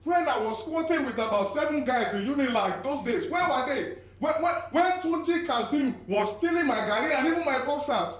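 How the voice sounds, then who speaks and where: A man's voice: very high-pitched, expressive, a little fast, few pauses. A man playing a pompous crisis expert. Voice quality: pompous, rambling, easily worked up. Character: self-important male crisis expert, fussy about his name. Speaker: comic guest expert. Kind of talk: sketch comedy acting. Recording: echoey room.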